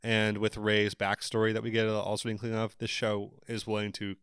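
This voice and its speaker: A man co-hosting a casual podcast chat, measured and argumentative, hedging his points. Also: lowish voice, monotone, a bit bright, smooth, no echo, clean studio sound. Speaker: podcast co-host.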